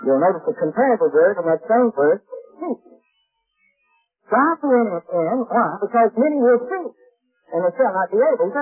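A man's voice: sits high, lively intonation, a little fast, slightly rough, phone-quality sound, soft background music. A man preaching a sermon, emphatic and repetitive, reading scripture aloud. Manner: emphatic, repeats key words, reads scripture aloud.

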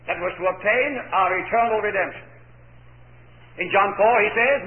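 An older man delivers a sermon in a high voice, throwing out questions to his listeners and answering them with force. The sound is thin and phone-like. It rings in an echoey space. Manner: emphatic, rhetorical questions answered himself. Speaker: preacher.

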